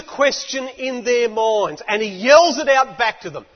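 A man preaching a sermon in an animated, emphatic way, building up to shouts. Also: very high voice, a little slow, few pauses. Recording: echoey hall, dull lo-fi.

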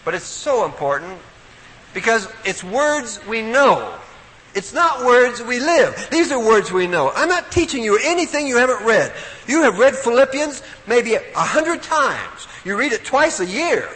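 Male preacher for a sermon, bright and highly animated, long hall reverb. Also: a little slow. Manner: animated, storytelling, emphatic. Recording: echoey hall, faint room noise.

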